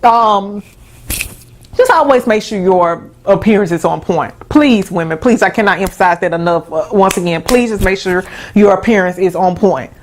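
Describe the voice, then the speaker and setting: A woman's voice: medium pitch, normal speed, a little hiss or hum. A woman hosting a casual advice talk, emphatic and folksy, often stumbling over restarts. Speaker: host.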